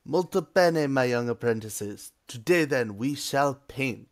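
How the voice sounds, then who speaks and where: A man's voice: mid-range voice, lively intonation, a little slow, pitched above the performer's own voice. A man doing a cheesy Italian old master painter. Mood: jubilant. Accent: Italian (put on, cheesy). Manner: theatrical, woeful, grandiose. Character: old male Renaissance master painter, dramatic.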